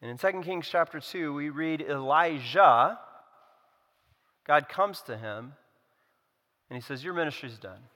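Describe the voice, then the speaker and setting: A man's voice: a little high, animated, a little slow, pauses often, sharp tone. A man preaching a sermon, retelling a scripture story with sarcastic asides. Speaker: pastor. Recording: long hall reverb.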